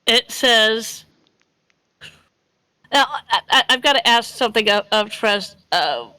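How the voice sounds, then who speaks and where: A woman's voice: fairly high pitch, lively intonation, slow, bright, forceful tone, dry recording, low-quality recording. A woman running a tabletop game as game master on a live stream, rambling and giggly, correcting herself as she goes. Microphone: streaming microphone.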